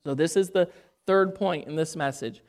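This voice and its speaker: A woman preaching a sermon in an earnest, measured way, asking rhetorical questions. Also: sits low, darkish tone.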